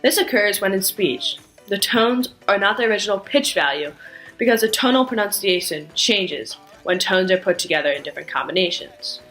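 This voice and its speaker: A woman giving a scripted language lesson, speaking carefully and acting out sounds with exaggerated pitch swings. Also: expressive, a bit bright, faint music behind, poor audio. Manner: slow, careful, demonstrates tones with exaggerated pitch. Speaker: language teacher.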